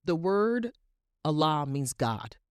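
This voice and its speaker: Low-voiced woman hosting an inspirational talk. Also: slow, clear, resonant tone, no room sound, clean studio sound. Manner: animated storytelling, repeats phrases for emphasis. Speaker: podcast host. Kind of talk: inspirational monologue.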